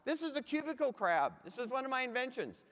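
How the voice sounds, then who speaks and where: In a large, echoey conference hall, a middle-aged humorist gives a motivational keynote on a stage mic, his punchy stories peppered with audience asides. His voice is extremely high, sing-song and fast, with a fairly bright tone.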